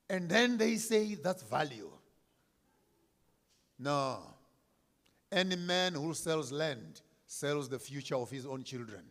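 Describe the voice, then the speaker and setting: A man delivers a fiery public speech, repeating key lines and swinging between near-whispers and shouts. His voice sits high and rings bright and forceful. The sound carries the long reverb of a large hall. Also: expressive, slow pace, creaky, pauses often. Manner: declamatory, repetitive emphasis, swinging from hushed to shouted. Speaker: speaker at a commemorative event.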